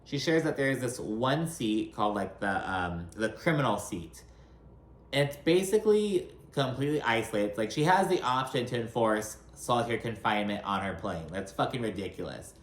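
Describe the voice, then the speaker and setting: A man's voice: medium pitch, lively intonation, moderate pace. A man recapping a reality show in a gossipy, sarcastic way, cursing freely and filling his speech with "like.". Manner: gossipy, sarcastic, swears a lot, many "like" fillers. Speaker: recap commentator. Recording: echoey room with faint hum.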